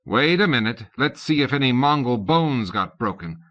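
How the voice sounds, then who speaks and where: A man's voice: lively intonation, normal speed, natural voice. A man voicing a flustered, stern young male tutor, raising his voice. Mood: brusque. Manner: shouting, raised higher voice. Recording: dull lo-fi cassette audio.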